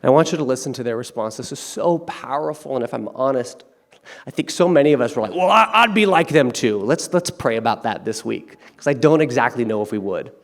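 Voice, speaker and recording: A male pastor preaching a sermon, reading scripture aloud with playful, animated asides. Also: mid-range voice, fairly quick.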